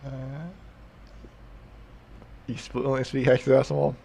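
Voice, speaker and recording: Male streamer, gravelly and a little husky, loose casual chat with his chat, quick to laugh. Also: medium pitch, completely flat delivery, warm tone. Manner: laughs often, answers chat. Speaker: live-stream host.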